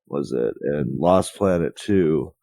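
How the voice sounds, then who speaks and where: Super deep gravelly guy rambling and cursing on a podcast, dry close sound. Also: slow, no echo. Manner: rambling, profane, animated storytelling. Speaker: podcast co-host. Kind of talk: casual chat.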